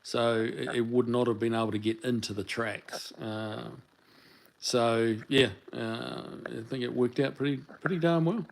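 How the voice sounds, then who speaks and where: A man's voice: mid-range voice, steady tone, unhurried, vocal fry. A man with a New Zealand accent hosting a casual livestream, answering viewer chat in a rambling, easygoing way with lots of fillers and restarts.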